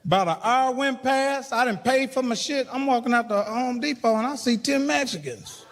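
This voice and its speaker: High-voiced profane man doing stand-up. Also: moderate pace. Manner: animated, profane, acts out the people in his stories. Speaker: stand-up comedian. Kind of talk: stand-up storytelling. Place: stage in a large venue with a live audience. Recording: live hall reverb and a loud laughing crowd.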